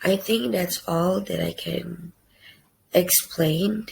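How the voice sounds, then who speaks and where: A young woman giving a read class presentation in careful, halting short phrases. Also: lowish voice, steady tone, vocal fry, a little mellow, a little hiss or hum, low-quality recording. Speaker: student presenter.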